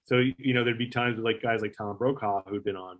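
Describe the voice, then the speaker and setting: A man's voice: on the low side, brisk. A man who used to produce a talk show, telling a long backstage story in a casual, rambling way, with lots of fillers and some swearing. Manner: rambling, filler-heavy, animated retelling with swearing.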